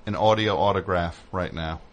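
Low-voiced joking radio host. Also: male voice, steady tone, normal speed. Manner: joking, teasing, tells stories with put-on voices. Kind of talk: comedic call-in radio chat.

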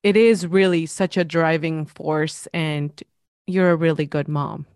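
A woman's voice: sits low, steady tone, clean tone. A woman hosting a podcast, chatty and encouraging as she talks with her guest. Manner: warm, encouraging and chatty, with quick affirmations. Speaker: podcast host. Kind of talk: supportive interview conversation.

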